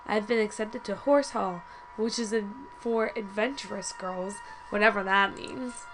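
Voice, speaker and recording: A woman's voice: on the high side, rough recording. Chatty young woman reading a game aloud. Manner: lively, chatty, stumbles and corrects herself. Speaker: let's play host.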